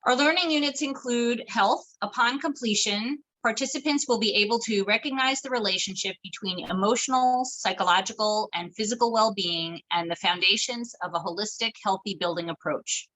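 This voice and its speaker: A woman's voice: mid-range voice, moderate pace, few pauses, sharp tone, poor audio. A woman moderating an online webinar, reading formal announcements and learning objectives from a script. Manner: formal, announcing list items. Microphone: video call.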